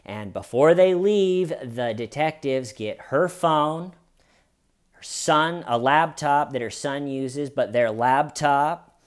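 A man's voice: a little high, slow pace. A man recapping a true crime case in a chatty, casual way, often restarting and adding asides.

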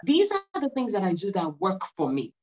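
A woman's voice: medium pitch, wildly swooping pitch, normal speed, dark tone, low-quality recording. A woman, a guest on a podcast interview, speaking earnestly and encouragingly and repeating words for emphasis. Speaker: podcast guest, mindset stylist. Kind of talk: conversational interview.

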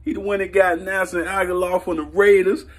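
A man vlogging a hyped, slangy football rant, laughing and repeating himself in his excitement. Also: high-pitched, brisk. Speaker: sports vlogger.

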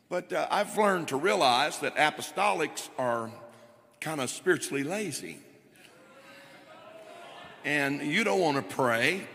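Bright-voiced preacher in a ringing hall. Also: male voice, mid-range voice. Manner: emphatic preaching, swelling to shouts. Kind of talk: Pentecostal sermon. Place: church sanctuary. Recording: long church reverb.

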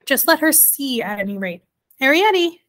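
A woman reading aloud and voicing a sharp-tongued, bossy tiny mother from a little-people family. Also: on the high side, brisk, natural voice. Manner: sharp and insistent.

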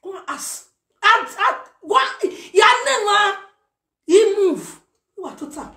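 A woman with a Nigerian accent delivering a heated, animated message to camera, mixing pidgin with a local language. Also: very high-pitched, takes it slowly. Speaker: social media personality. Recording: roomy echo.

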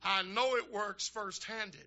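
An older man, a minister telling folksy stories in a sermon that build to shouting fervor. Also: high voice, fairly even intonation, slow pace, dull audio. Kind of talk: storytelling sermon.

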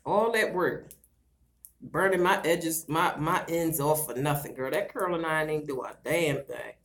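A woman's voice: low voice, measured pace. A middle-aged woman with a Baltimore accent, chatting sassily with viewers on a casual livestream vlog. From Baltimore, USA. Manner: sassy, chatty, calls viewers girl and child. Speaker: livestream vlogger.

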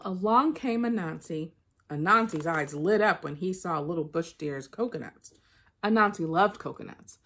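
A woman reading a children's picture book aloud in an expressive storytelling manner. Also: medium pitch. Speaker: storybook reader.

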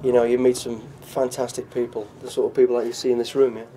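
A man's voice: medium pitch, level tone, quick pace, dark tone, slight background noise. A middle-aged man, a former soldier, chatting as an interview guest and telling stories with many "you know"s. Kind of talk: casual interview.

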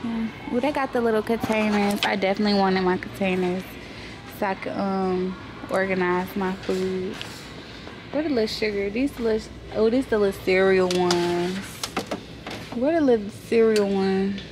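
A woman's voice: mid-range voice, moderate pace, music in the background. A young woman vlogging casually from her car and then a big store, chatty and profane as she vents. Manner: chatty and profane, venting frustration. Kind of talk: casual vlog chat. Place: car, then a large home decor store. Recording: noisy phone recording with traffic and store sounds.

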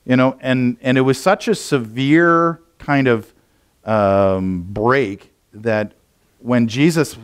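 A man's voice: mid-range voice, slow, clear, resonant tone. Casual rambling male pastor preaching. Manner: conversational, rambling with frequent fillers and restarts. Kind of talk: sermon. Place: church.

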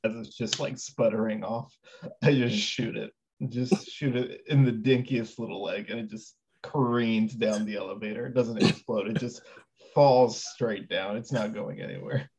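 A man's voice: fairly low pitch, fairly even intonation, moderate pace, darkish tone, slightly rough, poor audio. A man playing a tabletop game, laid-back and casual. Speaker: player.

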